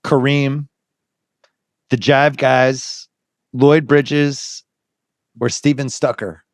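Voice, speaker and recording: A man's voice: medium pitch, flat delivery, no echo. Dry-voiced male podcast host. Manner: quick, prompting questions and category introductions. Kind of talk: casual podcast conversation.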